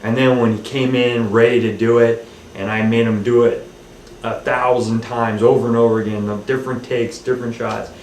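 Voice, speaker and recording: A man's voice: medium pitch, level tone, normal speed, darkish tone, distant mic. A man, a film director, recalling making his film in a rambling, casual way full of ums and restarts. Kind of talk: casual behind-the-scenes recollection. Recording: roomy, off-mic, faint hiss.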